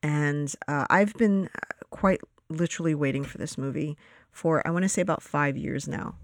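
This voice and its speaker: A podcast co-host in casual chat, rambling and acting out their own reactions in quick quoted asides. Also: mid-range voice, creaky, dry recording.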